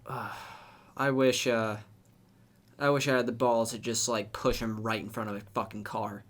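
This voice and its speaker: A young man co-hosting a podcast in casual chat, crude and halting, with many stops and restarts. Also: mid-range voice, little pitch movement. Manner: crude, halting, lots of fillers. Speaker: podcast co-host.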